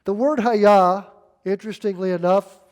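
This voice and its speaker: Older man in his 60s, pastor, high-pitched voice, emphatic folksy sermon delivery. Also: moderate pace, darkish tone. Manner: emphatic, folksy, reads scripture aloud.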